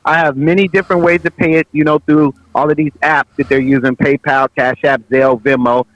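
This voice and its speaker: A man giving a preachy, forceful talk on health as a guest naturopath. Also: fairly high pitch, flat delivery, a little fast, no room sound, dull audio.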